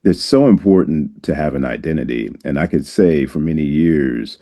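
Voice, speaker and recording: A man with an extremely deep, dark voice hosts an interview. He talks softly and hesitantly, using filler words and affirming the guest. He comes across as a gentle, supportive interviewer. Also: animated, moderate pace. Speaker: podcast host. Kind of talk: conversational interview.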